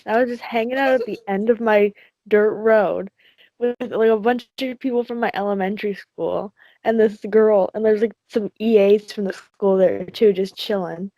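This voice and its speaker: A woman's voice: mid-range voice, fairly even intonation, moderate pace, dark tone, no echo, dull audio. A teenage girl co-hosting a podcast, rambling through a dream story in casual chat and laughing between lines. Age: teens. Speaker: podcast co-host.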